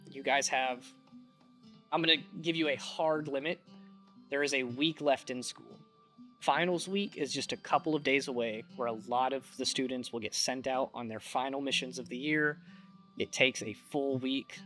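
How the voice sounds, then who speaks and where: Guy running a tabletop game, laid back, lots of ums, soft guitar in the background. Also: medium pitch. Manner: relaxed, rambling with fillers. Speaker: game master.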